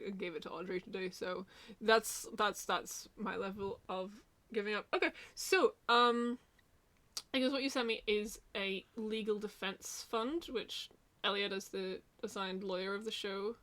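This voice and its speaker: A woman's voice: mid-range voice, moderate pace, fairly bright tone. A woman hosting a casual livestream, talking in a rambling way with many restarts. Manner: rambling, lots of fillers and restarts. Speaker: host.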